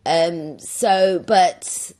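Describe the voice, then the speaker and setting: A woman's voice: lowish voice, extremely slow, dark tone. A young woman hosting a casual solo podcast, telling rambling, digressive stories in a chatty way. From London. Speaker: podcast host.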